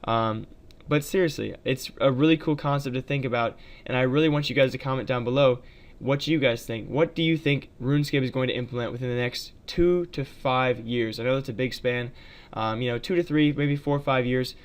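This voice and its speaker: A man talks over gameplay for his channel in a loose, chatty way, with plenty of fillers and frequent asides to his viewers. His voice is smooth and clear, and his pitch sits in a middle range. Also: brisk. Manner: chatty, addresses viewers as guys, many fillers. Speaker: gaming video creator. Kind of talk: casual gameplay commentary.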